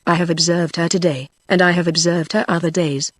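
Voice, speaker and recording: A woman's voice: lowish voice, brisk, no echo. Stern wine-shop keeper woman, in a British synthetic voice. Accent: British English. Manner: flat synthetic delivery with little acting. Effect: synthetic text-to-speech voice.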